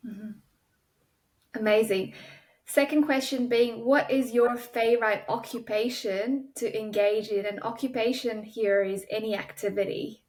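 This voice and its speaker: A woman hosting an interview, asking measured questions and affirming her guest's answers. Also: fairly high pitch, fairly even intonation, darkish tone, rough recording. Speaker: interview host. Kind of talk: conversational interview.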